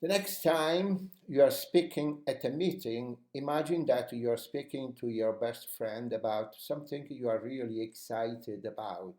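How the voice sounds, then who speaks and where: A man's voice: mid-range voice, unhurried, hardly any pauses, darkish tone, reverberant. A man teaching how to speak English with energy, giving encouraging advice in an instructional lesson. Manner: encouraging, coaching tone.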